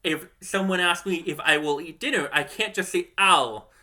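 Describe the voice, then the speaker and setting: Guy explaining language stuff, kinda high voice, really bright, asks you questions. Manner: thoughtful, asks the listener questions, says example phrases aloud slowly. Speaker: language educator. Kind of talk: explanatory video lesson.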